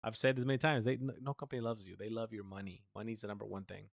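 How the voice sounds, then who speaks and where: A man's voice: lowish voice, very fast, gravelly, dry recording, studio quality. A man from the United States hosting a podcast, ranting in casual talk, swearing and restarting often. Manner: animated ranting, swears a lot, many restarts. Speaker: podcast host.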